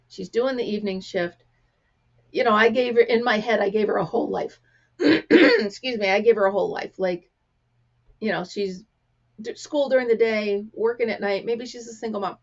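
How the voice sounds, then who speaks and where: A woman with a gravelly voice, chatting casually to camera as a crafting vlog host and acting out the people in her stories. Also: medium pitch, dull audio. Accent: American. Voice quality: gravelly, clears throat often. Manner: chatty storyteller, acts out quotes.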